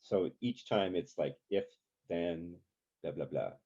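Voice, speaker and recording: Male workshop teacher, deep and mellow, chatty with filler words, sings his examples; dull lo-fi recording. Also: takes it slowly, breathy edge. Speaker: songwriting teacher. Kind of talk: informal workshop lesson. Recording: dull lo-fi sound.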